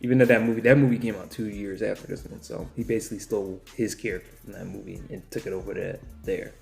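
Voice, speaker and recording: Rambling low-voiced young man reviewing films. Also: fairly even intonation, quick pace, creaky, a little mellow, soft background music. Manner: rambling, many restarts and fillers, offhand. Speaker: film reviewer. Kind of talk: casual spoken movie review.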